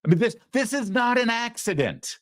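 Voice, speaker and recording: A man's voice: very high voice, animated, moderate pace, no echo. A man hosting a show, giving opinionated political commentary with frequent stammered restarts. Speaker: host.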